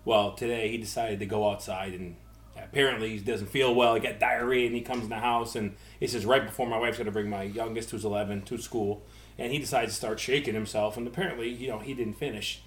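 A middle-aged man hosting a casual podcast chat, a loud, animated storyteller who swears freely. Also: fairly low pitch, quick pace, roomy sound, slight background noise. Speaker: podcast host.

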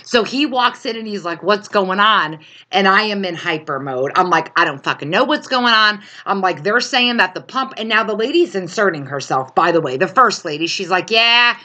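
A woman co-hosting a podcast, telling a story in a casual, animated way, full of swearing and acted-out quotes. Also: medium pitch, moderate pace. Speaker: podcast co-host.

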